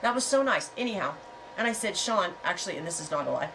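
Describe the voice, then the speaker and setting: A woman's voice: lowish voice, very animated, quick pace, distant mic, noisy background. A middle-aged woman hosting a casual livestream chat, talking in a frank, rambling way and telling stories with animation. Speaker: host.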